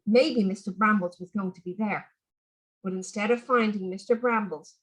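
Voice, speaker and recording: A woman reading a children's story aloud in an expressive, animated way. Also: mid-range voice, moderate pace, poor audio.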